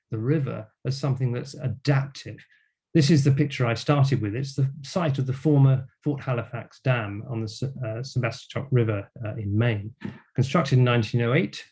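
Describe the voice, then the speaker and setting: An older man giving an academic talk over a video call, measured and lecturing, with frequent fillers. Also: mid-range voice, warm tone. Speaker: guest speaker.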